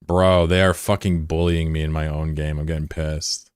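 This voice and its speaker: Game dev streamer, male, low resonant voice; flips from yelling to grumbling. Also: normal speed, smooth, no room sound, studio quality. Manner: excitable, swings from loud shouting to muttered frustration. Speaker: game developer streaming his own game. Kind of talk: casual livestream chat.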